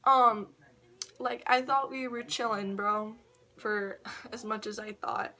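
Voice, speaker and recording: Woman, bright voice, highish pitch, casual storytelling vlog, slangy, swears, laughs a lot. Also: steady tone, slow pace. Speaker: vlogger. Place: at home.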